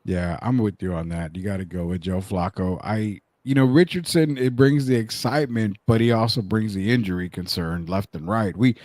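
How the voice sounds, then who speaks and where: A man co-hosting a sports talk show, animated, rattling off game stats and picks. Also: on the low side, normal speed, few pauses, no echo. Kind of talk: casual sports debate.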